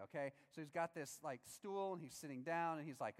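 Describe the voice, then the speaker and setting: Animated preacher in a reverberant hall. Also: male voice, a little high, fairly quick, few pauses. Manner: animated, acts out voices of biblical figures. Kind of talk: sermon.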